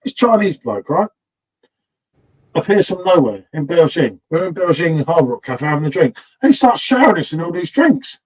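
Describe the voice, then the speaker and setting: A man's voice: a little high, very animated, moderate pace, a little mellow, husky, poor audio. A man hosting a casual pub chat stream, telling blunt, sweary stories and repeating himself when worked up.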